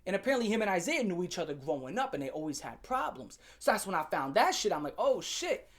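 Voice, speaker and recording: Profane, animated storytelling man. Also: high-pitched, quick pace. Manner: profane, animated, laughs while telling. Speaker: vlogger telling a story. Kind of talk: casual storytime rant.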